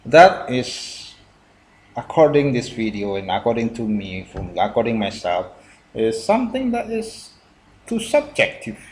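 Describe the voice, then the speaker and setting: A man with an Indonesian accent hosts a casual reaction video in halting non-native English, often restarting his sentences. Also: medium pitch, very animated. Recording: roomy echo.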